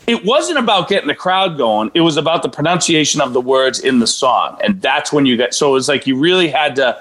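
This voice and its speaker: A man's voice: medium pitch, expressive, a little fast, a bit bright. A man being interviewed as a reality show contestant, rambling with many fillers and joking at himself. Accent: some regional accent. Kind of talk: casual interview.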